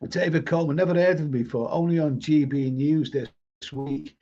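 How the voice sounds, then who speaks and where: Middle-aged Scouse host, somewhat high voice, stumbling, repetitive chat, muffled lo-fi stream sound. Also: male voice, fairly quick, mellow. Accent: Liverpool. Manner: stammering, repeats words, chatty. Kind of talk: casual chat reading viewer comments. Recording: dull lo-fi stream audio.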